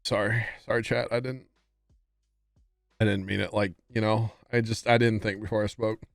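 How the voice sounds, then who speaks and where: A man's voice: fairly low pitch, little pitch movement, normal speed, vocal fry, dry recording, studio quality, faint music behind. Chatty man streaming a farming game. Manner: chatty, often apologizing to chat with laughs. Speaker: livestreamer. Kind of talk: casual gameplay commentary.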